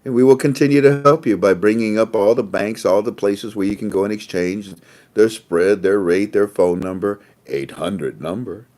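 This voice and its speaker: A man's voice: on the low side, moderate pace, darkish tone. A man hosting a casual monologue, rambling and repeating his phrases, with frequent laughter. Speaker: host.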